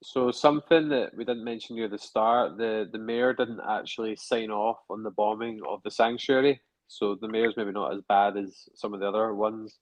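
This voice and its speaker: A man's voice: fairly low pitch, steady tone, moderate pace, hardly any pauses, dry recording. A man co-hosting a casual review podcast, chatty and hedging as he thinks aloud. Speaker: podcast co-host. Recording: dull lo-fi dry sound.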